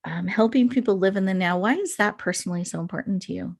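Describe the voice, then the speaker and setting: A woman hosting an online summit interview who affirms her guest and speaks in a measured, encouraging way. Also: medium pitch, gravelly. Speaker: summit host.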